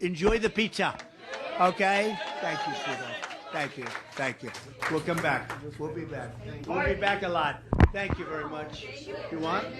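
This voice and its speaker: An older man giving rambling, boastful off-the-cuff campaign remarks in a crowded room, repeating his phrases. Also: on the high side. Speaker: campaigning politician. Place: large indoor room with a crowd. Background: crowd noise.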